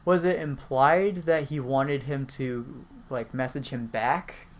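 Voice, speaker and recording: A man's voice: medium pitch, fairly even intonation, takes it slowly. Playful male podcast co-host. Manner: playful, speculative questions. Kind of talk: casual chat.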